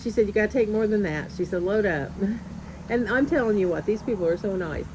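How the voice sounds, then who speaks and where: A woman's voice: mid-range voice, lively intonation, fairly quick, noisy background. Chatty woman vlogger telling a story. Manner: chatty, laughs often, acts out quoted voices. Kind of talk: casual storytelling.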